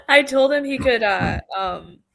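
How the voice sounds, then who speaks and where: A woman's voice: sits high, huge pitch swings, slow, vocal fry, a bit bright. A young woman with a central Michigan accent, chatting casually and playfully as a guest, laughing often. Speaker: knife shop guest. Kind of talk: casual chat.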